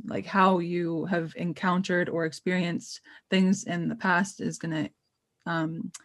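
A woman's voice: fairly low pitch, little pitch movement, unhurried, no room sound. Chatty young woman, dry close sound. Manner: chatty, encouraging, many fillers. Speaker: podcast co-host. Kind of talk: casual chat.

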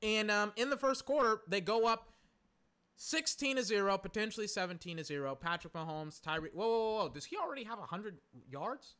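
Young male podcast host, high and bright, rambling and exasperated, fillers and cursing. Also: lively intonation, a little fast, smooth. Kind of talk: casual live game commentary. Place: home, in a recliner.

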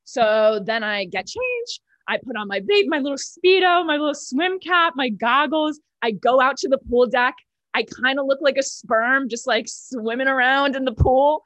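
Speaking at a measured pace in a high-pitched voice, a chatty nineteen-year-old comedy club host does casual chat and a stand-up set from home on a video call. Her humor is self-mocking, with exaggerated deadpan bragging. The laptop mic yields a rough recording with no room sound.

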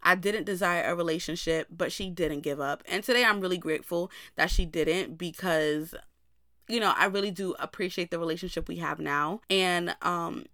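A young podcast host tells a personal story candidly, speaking straight to her listeners. Her voice is on the low side with a sharp tone, at normal speed. The recording is dry and studio quality.

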